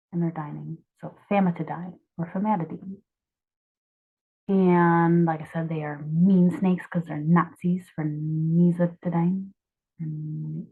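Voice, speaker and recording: A young woman with a lowish voice explains her study drawings in a loose, chatty way, tossing in asides and fixing her own slips. The audio is thin and narrow, as if over a phone. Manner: chatty, self-correcting, offhand asides. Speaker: student explaining drug mnemonics. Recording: tinny phone-like sound.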